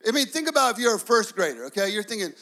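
Man, pastor, sermon, lively storytelling, high bright voice. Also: very fast. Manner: animated storytelling, acts out kids in high voices.

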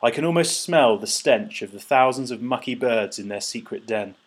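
A man's voice: medium pitch, expressive, normal speed, slightly rough. A man voicing a pompous, sneering, overfed male seagull who is a border chief. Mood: accusing.

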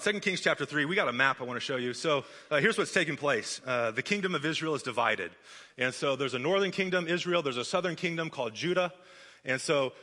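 A man preaching a sermon in a church auditorium, animated and conversational with playful asides. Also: medium pitch. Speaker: pastor. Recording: long reverb of a large hall.

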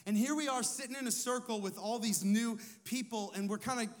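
A man's voice: very high-pitched, brisk. A man who is a lead pastor, preaching a sermon in a conversational way, asking his listeners questions and telling personal stories.

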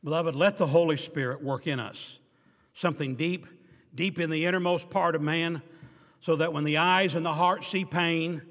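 An older man preaching a sermon as pastor, swinging between emphatic declarations and quiet asides with dry humor. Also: fairly high pitch, steady tone, moderate pace. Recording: reverberant hall.

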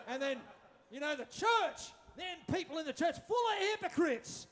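High-voiced joking preacher man. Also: animated, moderate pace, fairly bright tone, a little hiss or hum. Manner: humorous, acting out quotes, repeats phrases. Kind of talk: sermon.

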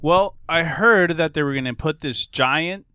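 A man in casual comedic banter, telling a story deadpan with small hesitations. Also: fairly high pitch, measured pace, clear, resonant tone, no echo.

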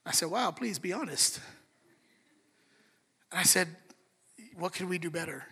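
A male pastor preaching a sermon, telling a story with lively, acted-out quotes. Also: high-pitched, measured pace, breathy edge. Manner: animated storyteller, acts out quotes. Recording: long reverb of a large hall, soft music behind.

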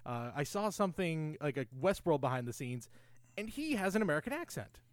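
A man's voice: fairly high pitch, sing-song, a little fast, dry recording. A man co-hosting a podcast, enthusiastically recapping a film's plot and trivia in casual chat. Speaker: podcast co-host. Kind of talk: casual film discussion.

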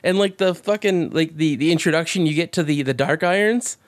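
Excitable, swearing podcast guy. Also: on the high side, brisk, no room sound, clean studio sound. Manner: excitable, rambling, swears a lot. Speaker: podcast co-host. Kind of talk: casual chat.

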